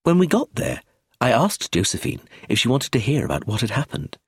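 A man reading a novel aloud as first-person narrator, measured and expressive. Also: mid-range voice, husky, no room sound, studio quality. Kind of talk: audiobook narration.

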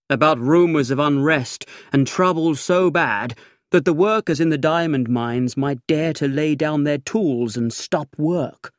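A man narrating an audiobook in the first person, with a languid, dry, measured reading. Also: medium pitch, no room sound. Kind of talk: scripted narration.

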